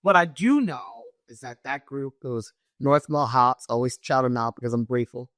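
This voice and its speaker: Loud-voiced woman telling a painful story. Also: rumbling low, moderate pace, no room sound, studio quality. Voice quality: naturally loud voice. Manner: animated, acts out what others said. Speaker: guest. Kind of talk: emotional personal storytelling in an interview.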